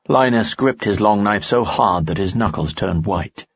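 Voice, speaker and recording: A man narrating a fantasy audiobook in a steady, measured way. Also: on the low side, gravelly, slightly rough, dry recording. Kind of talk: scripted narration. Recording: dull, dry lo-fi audio.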